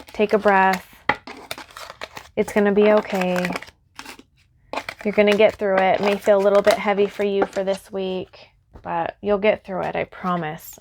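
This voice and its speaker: A woman's voice: mid-range voice, slight background noise. A woman reading tarot cards for her viewers. She speaks earnestly and reassuringly, addressing the viewer directly, and is close to tears. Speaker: tarot reader.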